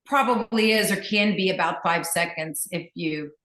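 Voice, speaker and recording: A woman's voice: on the low side, moderate pace, fairly bright tone, echoey room. A woman breathwork teacher talking casually and enthusiastically, often gushing and restarting her sentences. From Virginia, US. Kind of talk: casual conversation.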